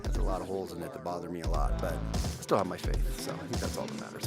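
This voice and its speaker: A man's voice: low-pitched, level tone, fast, music in the background. Chatty man hosting a livestream. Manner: rambling, many fillers and restarts, chatty with viewers. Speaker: livestream host. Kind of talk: casual livestream commentary.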